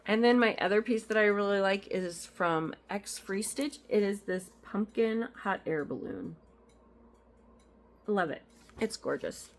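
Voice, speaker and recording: A woman chatting casually at home as she shows off her cross-stitch finds, rambling into asides with frequent ums. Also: mid-range voice. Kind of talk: casual show-and-tell chat. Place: at home in an apartment.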